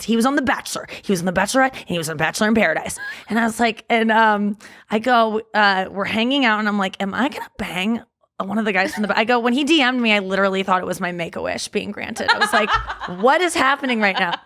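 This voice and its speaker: Speaking at a quick pace with a medium-pitched voice, this woman is a comedian guesting on a podcast. She chats casually, telling frank and bawdy stories with animation and performing the quotes herself.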